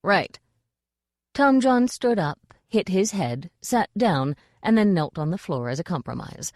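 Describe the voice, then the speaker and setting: A woman reading an audiobook in a measured storytelling manner. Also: on the low side, very animated, a little mellow, dry recording, clean studio sound. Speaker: audiobook narrator. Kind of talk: scripted audiobook narration.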